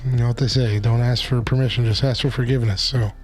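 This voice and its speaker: A man's voice: medium pitch, fairly even intonation, soft background music. Man with a strained voice, joking. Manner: jokey, laughs often, slips into a slow sultry radio voice. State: strained, struggling voice. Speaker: co-host of a live stream show. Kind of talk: casual chat.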